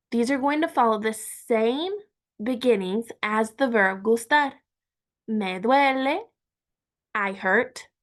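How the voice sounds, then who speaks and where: Woman Spanish teacher, slow careful delivery, fairly high voice, repeats words for learners. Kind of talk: language lesson.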